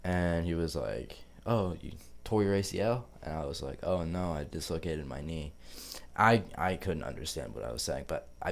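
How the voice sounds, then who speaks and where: A young vlogger with a very low, deep, gravelly voice tells a story straight to camera. He rambles loosely and relaxedly, swearing often and leaning on filler words.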